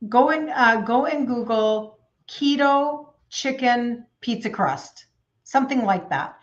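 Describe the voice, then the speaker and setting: Her voice a little high and animated but slow, a health coach in her fifties chats casually on a live stream. She reads out viewer comments with lots of fillers, and the audio is dull.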